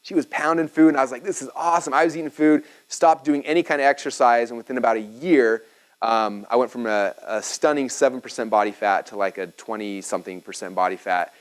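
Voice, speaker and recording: A man in his thirties teaching a business seminar at a whiteboard, energetic and chatty, checking in with "okay?" and "right?". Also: mid-range voice, brisk, low-quality recording. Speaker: speaker teaching business marketing.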